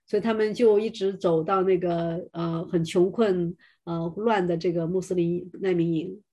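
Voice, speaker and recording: A woman's voice: lowish voice, steady tone, mellow, muffled recording. Woman doing live sermon interpreting, goes line by line, some uh's and restarts. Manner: hesitant, fills pauses with 'uh'.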